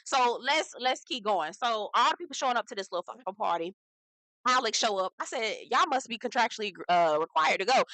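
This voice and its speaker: A woman hosting a casual reality TV recap, talking in a sassy, profane, animated way and acting out the quotes herself. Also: medium pitch, brisk, no room sound, poor audio.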